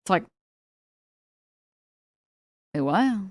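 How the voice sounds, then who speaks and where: A woman's voice: medium pitch, extremely slow, dry recording. Woman streamer, casual rant, exasperated, swears a lot, dry sound. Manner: animated, exasperated, swears freely. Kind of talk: casual reaction commentary.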